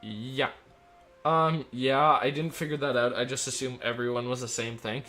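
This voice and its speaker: A man's voice: medium pitch, moderate pace, sharp tone. A young man streaming, chatting casually while he plays, joking and rambling as he reads chat aloud.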